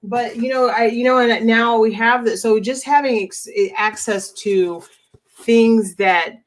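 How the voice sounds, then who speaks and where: A woman's voice: a little high, unhurried, low-quality recording. A woman hosting a casual group chat, often restarting sentences as she searches for words. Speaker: host of a women's group call.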